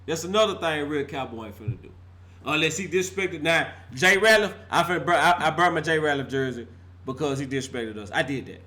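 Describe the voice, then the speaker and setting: Slightly high and a bit fast, this middle-aged man's sharp voice drives an animated fan rant. He's fired up, laughs a lot, and leans heavily on slang and repetition to make his points.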